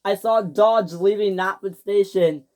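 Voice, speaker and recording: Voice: medium pitch, measured pace, darkish tone, voice pushed up, close to an everyday voice. A young storyteller voicing an eager male tank engine earnestly explaining in a homemade toy-train story.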